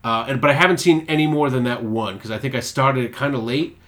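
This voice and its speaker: An easygoing man on a podcast, talking loosely and a little rambling as he recaps a series. His pitch sits in the ordinary middle range for a man. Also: fast talker, fairly bright tone. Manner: chatty, easygoing, talks through show plots. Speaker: podcast co-host. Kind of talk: casual podcast chat.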